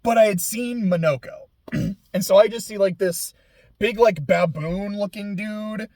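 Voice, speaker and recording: A young man talks through a video game in a loose, rambling way, full of fillers and restarts. His voice sits a little high for a man. The sound is close and dry, with no room around it. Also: unhurried, a little mellow, dry recording. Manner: rambling, filler-heavy, laughs through near tears. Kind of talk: casual gaming chat.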